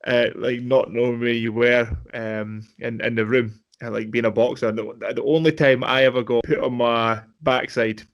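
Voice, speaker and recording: A man's voice: mid-range voice, steady tone, normal speed, hardly any pauses, muffled recording. A man hosting a podcast, chatting in a loose, rambling way full of fillers. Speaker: podcast host. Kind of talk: casual chat.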